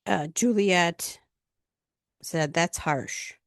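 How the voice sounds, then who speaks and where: A woman's voice: fairly low pitch, extremely slow, creaky, dry recording, clean studio sound. A woman casually recapping a reality TV episode, retelling the scenes in a chatty way with lots of fillers.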